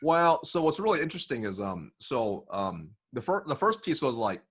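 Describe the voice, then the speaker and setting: A man being interviewed as a sales consultant, telling stories in a lively way, often saying "right?" and acting out bits of dialogue. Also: medium pitch, normal speed, husky. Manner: animated, says "right?" often, acts out dialogue. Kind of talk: casual interview storytelling.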